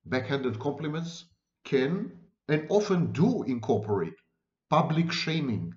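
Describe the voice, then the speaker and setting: Male lecturer, emphatic and repetitive, slightly high, lively delivery, dull lo-fi audio. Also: a little slow. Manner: emphatic, repeats and restates phrases. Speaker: lecturer on psychology. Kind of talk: unscripted lecture.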